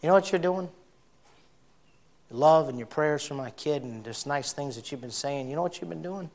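Man, middle-aged pastor, sermon, fairly high voice, folksy, blunt, big loud-to-soft swings. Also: normal speed. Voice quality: folksy, blunt preacher talk. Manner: swings from loud shouting to soft, emotional storytelling.

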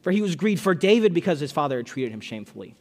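A man's voice: on the high side, big pitch swings, very fast, a little mellow. Man preaching in a reverberant church. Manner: conversational, repeats words, reads scripture aloud. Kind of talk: expository sermon. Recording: long hall reverb.

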